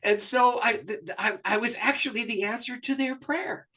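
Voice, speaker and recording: A man, a pastor, telling a story in an interview with lively, acted-out voices. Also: extremely high pitch, moderate pace. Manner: animated storyteller who acts out voices and laughs often.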